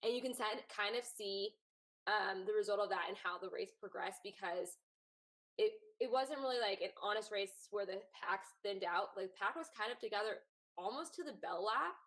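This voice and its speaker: A woman's voice: mid-range voice, normal speed, a bit bright, poor audio. A woman co-hosting a casual live chat who recaps events in a rambling, conversational way. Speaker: co-host.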